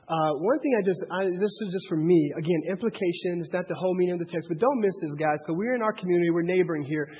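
A man with a husky, fairly high voice preaches a casual, conversational sermon. He talks straight to the congregation and keeps checking that they follow him. The recording is dull and lo-fi, with a long reverb from a large sanctuary. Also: fast talker, few pauses. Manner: direct, animated, checks in with listeners. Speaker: pastor.

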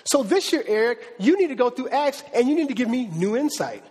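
A male pastor preaching a sermon in a lively, conversational, slangy way. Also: very high-pitched, fairly quick, breathy edge, big-room sound.

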